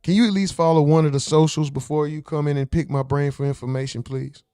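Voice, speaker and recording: A man's voice: on the high side, fairly even intonation, quick pace, mellow, smooth, no room sound, clean studio sound, faint music behind. A man from the American South hosting a casual livestream sign-off, reading chat comments aloud in a laid-back, profane way. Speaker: livestream host.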